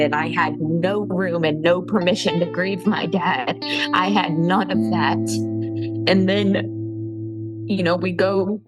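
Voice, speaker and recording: A woman candidly recounting a painful personal story in an interview, halting with fillers. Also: on the low side, poor audio. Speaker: interviewee telling her story.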